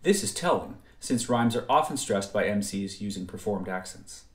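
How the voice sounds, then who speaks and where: Male lecturer, measured scripted narration, deeper voice, roomy reverb. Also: expressive. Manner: measured, precise explanatory delivery. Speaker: music theory lecturer. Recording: roomy echo.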